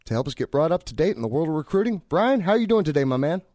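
Podcast host guy, kinda high voice, jokey and relaxed. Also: rapid-fire, no echo, studio quality. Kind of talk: casual podcast chat.

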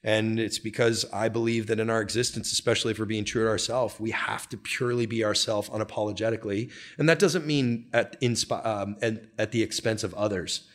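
A man speaking candidly as an interview guest, earnest and animated, sometimes rising into excited bursts. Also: fairly low pitch, brisk, few pauses. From United States. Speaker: guest, real estate brokerage founder.

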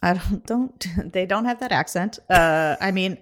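A woman co-hosting a podcast, talking through a political campaign in a brisk, animated way with quick laughs. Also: fairly high pitch, over a noisy crowd. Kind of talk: casual political chat.

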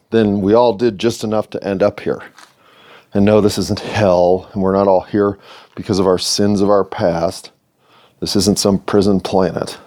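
He has a fairly low, mellow voice. A middle-aged American man, he hosts his own video series and speaks reflectively and earnestly to camera, adding playful asides now and then.

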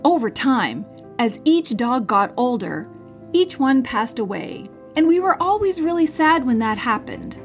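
A middle-aged woman telling children a gentle, animated story, laughing often as she goes. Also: high-pitched, unhurried, faint music behind.

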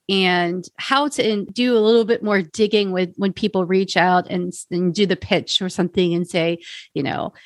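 A woman's voice: lowish voice, steady tone, no echo. Woman host in a dry room. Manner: measured, summarizing. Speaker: podcast host. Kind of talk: interview recap and questions.

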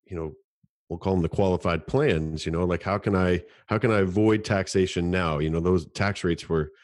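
Low-voiced man explaining, dry sound. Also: normal speed, darkish tone, no room sound. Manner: explanatory, repeats words while thinking. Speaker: podcast co-host. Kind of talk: casual podcast chat.

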